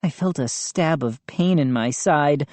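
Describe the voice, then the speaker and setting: A woman reading a first-person children's novel as an audiobook narrator, measured and expressive. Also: low-pitched, no room sound.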